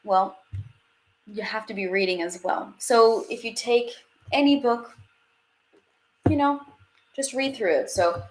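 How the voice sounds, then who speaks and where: A woman's voice: on the high side, a little slow, long pauses. A woman teaching a live online French class, chatty and upbeat, reading out viewer questions as she goes.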